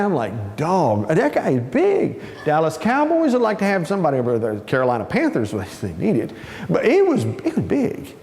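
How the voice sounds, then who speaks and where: A man giving a humorous storytelling talk at a conference, animated and acting out the voices of the people in his story. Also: high-pitched. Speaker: conference speaker. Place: conference hall. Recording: reverberant conference hall.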